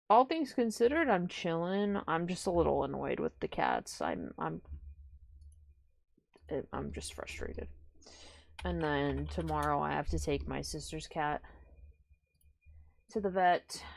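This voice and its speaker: A young woman streaming from home, chatting casually to her viewers and often trailing off into low mumbled asides. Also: lively intonation, unhurried, vocal fry, no room sound. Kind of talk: casual live-stream chat.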